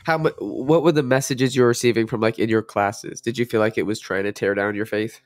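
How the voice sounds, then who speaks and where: A man interviewing a young guest, asking eager questions and reacting quickly. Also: medium pitch, steady tone, no room sound.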